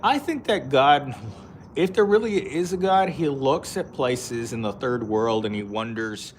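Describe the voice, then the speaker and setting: A mid-range male voice at a measured pace, with a little hiss or hum on the recording. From a park, he live-streams and casually talks with viewers, reading comments, rambling with lots of fillers and laughing often.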